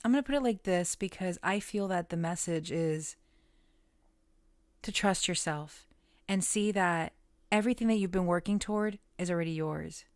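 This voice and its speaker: Woman, tarot reader, casual reading, soft-spoken, musing, trailing off, low voice, dry. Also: moderate pace, no echo.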